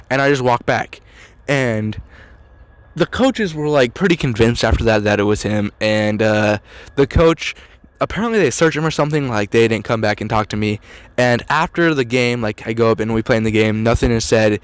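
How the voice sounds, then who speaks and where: Teen dude rambling thru a story, says like a lot, dry close sound. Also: male voice, medium pitch, normal speed, smooth, no echo. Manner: rambling, heavy use of "like" and "dude". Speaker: storytelling vlogger. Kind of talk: casual storytelling.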